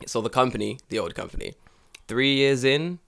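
A man's voice: mid-range voice, expressive, moderate pace, creaky, fairly bright tone. A young man, co-hosting a podcast in casual chat, swearing a lot and mocking people in put-on voices. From United Kingdom. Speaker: podcast co-host.

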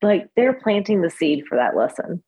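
A woman's voice: medium pitch, big pitch swings, moderate pace, breathy edge, lo-fi sound. A woman therapist on a podcast, speaking candidly and reassuringly, often laughing. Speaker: therapist guest. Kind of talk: casual podcast chat.

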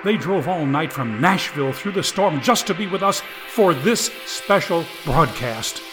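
A man's voice: fairly high pitch, expressive, measured pace, music in the background, voice pushed up. A man voicing a tearful male TV preacher who pleads fervently with his flock. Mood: preaching. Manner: preachy, rising fervor, pleading.

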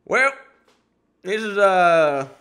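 A man imitating a deadpan, clueless young man who speaks slowly and haltingly. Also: sits high, clean tone, pitched above the performer's own voice, heavily acted.

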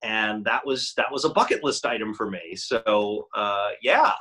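Middle-aged male voice actor guest, bright and slightly husky, easygoing storyteller. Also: on the low side, a little slow. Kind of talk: casual interview chat.

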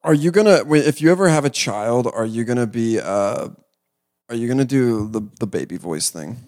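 A man's voice: medium pitch, animated, moderate pace, a little mellow. A young man co-hosting a podcast, chatting casually with crude jokes and mock voices. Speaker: podcast co-host. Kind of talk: casual chat.

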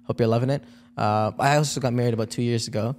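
Male co-host, fast and eager, mid pitch, slight hum behind. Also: fairly even intonation, darkish tone. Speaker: podcast co-host. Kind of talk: casual podcast chat.

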